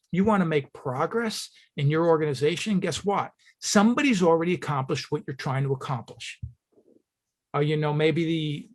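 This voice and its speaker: Emphatic man giving a motivational keynote. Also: on the high side. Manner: emphatic and direct, poses rhetorical questions to the audience; tells stories and acts out short quotes. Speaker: keynote speaker at a fire service training school.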